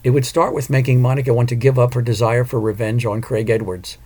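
An audiobook narrator, a man with a medium-pitched voice, reads a novel aloud. His scripted narration is even and measured.

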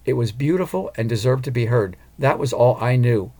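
A man's voice: medium pitch, expressive, fairly quick, warm tone. A man voicing an earnest, determined woman opera singer and mother in an audiobook. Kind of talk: audiobook character voice.

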